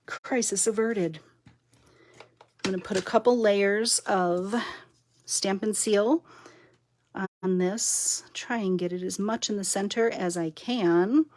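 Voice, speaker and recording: A woman's voice: medium pitch, steady tone, a little slow, darkish tone, a little hiss or hum. A chatty, giggly woman talking to her viewers while she works on a papercraft project during a live stream. She says she is overtired and punchy. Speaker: papercraft demonstrator. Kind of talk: live-stream crafting chat.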